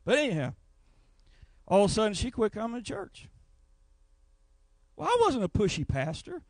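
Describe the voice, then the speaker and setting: Animated, folksy male preacher. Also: high-pitched, moderate pace, dry recording. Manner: animated, folksy storytelling with acted voices. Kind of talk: Pentecostal revival sermon.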